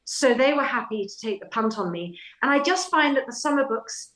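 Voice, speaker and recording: A woman's voice: a little high, brisk, low-quality recording. Chatty woman telling stories. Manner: animated, chatty anecdotal telling with self-deprecating laughs. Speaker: author guest. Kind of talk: casual interview storytelling.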